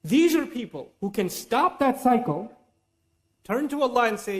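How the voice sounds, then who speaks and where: A man giving a religious lecture in an animated, conversational way, now and then reciting Arabic verses. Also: very high voice, moderate pace. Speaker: Islamic lecturer.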